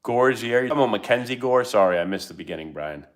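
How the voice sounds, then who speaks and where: A man's voice: on the low side, expressive, a little fast. A middle-aged man, a former ballplayer, hosting a casual live-stream Q&A and telling rambling, self-interrupting stories. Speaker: channel host, former pro baseball player.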